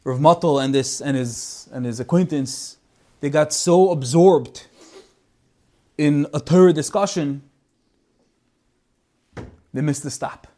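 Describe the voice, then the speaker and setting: A man giving a Torah talk as a lively story, mixing in Hebrew and Yiddish words. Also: a little high, takes it slowly, pauses often. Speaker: Torah speaker.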